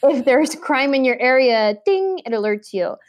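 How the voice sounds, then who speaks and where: A woman in casual conversation about faith, telling stories with lively acted-out quotes. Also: sits high, moderate pace, dry recording. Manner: animated storyteller, acts out quotes. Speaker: podcast guest.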